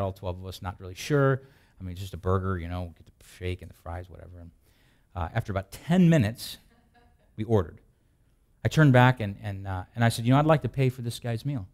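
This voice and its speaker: A male pastor from the Midwest preaching a sermon in a folksy way, telling stories with jokes and asides. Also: mid-range voice. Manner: folksy, joking storyteller with asides and restarts.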